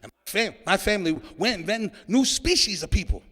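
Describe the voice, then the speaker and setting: A man's voice: high voice, big pitch swings, a little fast, bright, forceful tone. A man performing a stand-up comedy set, joking and riffing with an audience in a church hall.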